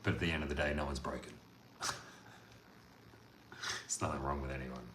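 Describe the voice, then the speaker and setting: A man delivering a blunt, profane motivational monologue as a coach, veering from loud outbursts to quiet talk. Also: extremely low pitch, steady tone, moderate pace. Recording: echoey room with faint noise.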